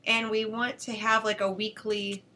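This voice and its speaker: A woman's voice: mid-range voice, flat delivery, normal speed, pushed and bright. A woman co-hosting a podcast in casual chat, chatty and upbeat. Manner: chatty, upbeat, laughs easily. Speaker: podcast co-host.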